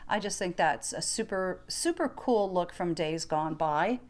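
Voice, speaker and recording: A woman's voice: fairly low pitch, animated, measured pace. A woman giving a casual, enthusiastic show-and-tell of her vintage ornament collection in her living room. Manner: chatty, enthusiastic, gushing over finds.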